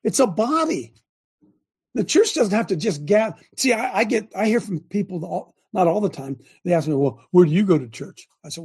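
Gravelly older man preaching. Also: sits high, animated, moderate pace, darkish tone. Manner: fervent, rambling, full of restarts. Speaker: host and preacher. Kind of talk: preachy livestream talk.

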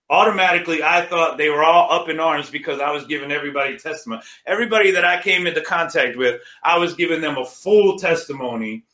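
Animated man telling a faith testimony. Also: a little high, reverberant. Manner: emphatic, retells dialogue with many "she says". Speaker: guest sharing a testimony. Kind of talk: personal faith testimony storytelling.

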